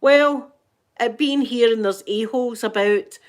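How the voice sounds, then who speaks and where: A woman's voice: on the high side, unhurried. A middle-aged Scottish woman telling rambling, dramatic anecdotes in casual chat as a channel host. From Scotland.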